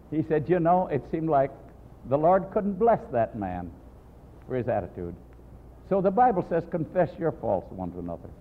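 Older preacher telling stories in a hall. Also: male voice, medium pitch, slight background noise. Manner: folksy storyteller, acts out dialogue in raised voices. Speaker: pastor. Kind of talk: sermon with storytelling. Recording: tinny old phone-like tape in a reverberant hall.

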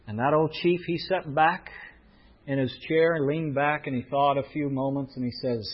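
Husky storytelling preacher, a man. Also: mid-range voice, normal speed. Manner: storytelling preacher, acting out quoted voices. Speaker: pastor. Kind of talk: sermon storytelling. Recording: muffled lo-fi recording.

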